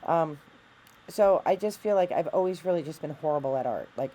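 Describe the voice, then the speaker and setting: A woman's voice: sits low, expressive, brisk, mellow, poor audio. A middle-aged woman telling a candid personal story on her vlog, rambling and self-deprecating, with frequent fillers and restarts. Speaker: vlogger.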